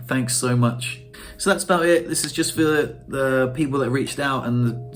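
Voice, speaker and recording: A man vlogging to camera in a casual, rambling way, emotional and swearing freely. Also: mid-range voice.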